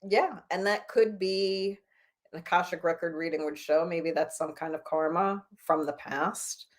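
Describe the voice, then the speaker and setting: A woman's voice: fairly low pitch, fairly even intonation, measured pace. A woman spiritual healer talking in an interview, earnest and encouraging as she reflects on healing. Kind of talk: conversational interview.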